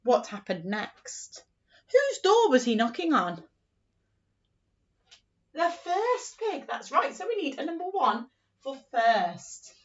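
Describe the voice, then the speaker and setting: A woman teaching an early-years phonics lesson in a slow, sing-song, encouraging way, acting out story lines as she goes. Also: high-pitched, big pitch swings, recorded from a distance, lo-fi sound.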